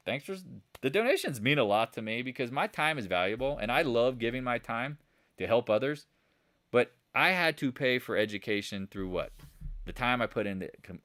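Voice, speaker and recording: A man hosting a live market chat, excitably answering viewer questions and talking straight to his viewers. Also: medium pitch, brisk. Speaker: trading channel host.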